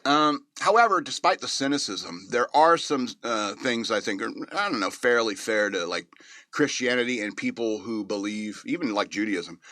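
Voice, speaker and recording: Bright-voiced man rambling through a movie review. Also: on the low side, no room sound, clean studio sound. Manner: rambling, with many fillers and chuckles. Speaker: podcast host reviewing a movie. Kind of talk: casual spoken movie review.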